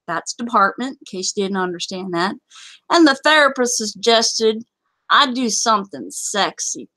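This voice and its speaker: A woman's voice: mid-range voice, pushed and bright, no room sound. A woman voicing a flustered, embarrassed male hillbilly farmer in a put-on American Southern accent.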